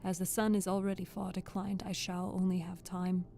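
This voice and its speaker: A woman giving a soft-spoken ASMR reading of a classic novel, steady and careful, going back to reread phrases. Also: lowish voice, moderate pace, gravelly, slight background noise. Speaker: audiobook reader.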